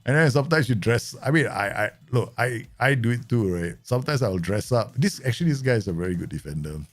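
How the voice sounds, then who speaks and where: A man's voice: mid-range voice, lively intonation, quick pace, soft background music. A man chatting casually through a live stream of a football management game, laughing often and making playful asides.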